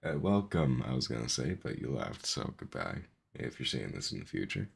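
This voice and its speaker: A man chatting casually with his viewers between songs on a live stream, in relaxed, mumbled asides. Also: extremely low pitch, normal speed, creaky, slight background noise.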